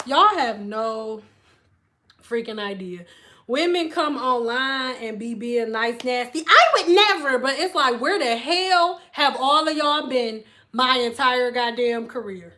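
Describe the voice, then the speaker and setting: A woman's voice: a little high, a little slow, sharp tone. A woman in her thirties, a former hairstylist, talking bluntly to her viewers on a phone livestream, swearing freely and repeating phrases for emphasis. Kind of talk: candid livestream chat with viewers. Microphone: phone camera.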